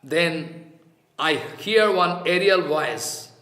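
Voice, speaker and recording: A man giving a slow, reflective sermon, chanting Sanskrit verses and explaining them. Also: a little high, pushed and bright. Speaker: spiritual teacher. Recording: roomy echo.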